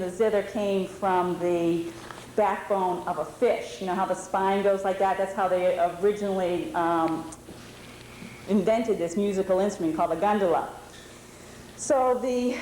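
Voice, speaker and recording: A woman's voice: medium pitch, darkish tone. A woman in her forties from New England, giving an informal, explanatory talk to a meeting audience. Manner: explanatory, conversational, with fillers. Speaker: presenter at a historical society meeting. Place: indoor lodge meeting hall. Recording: roomy hall recording with faint background noise.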